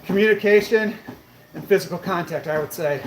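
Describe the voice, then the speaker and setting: A man's voice: sits high, a little fast. A man chatting casually on a live stream, answering viewers' questions in a laid-back way, cursing freely and calling them bro and brother. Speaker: fitness streamer answering chat. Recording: echoey room with faint background noise.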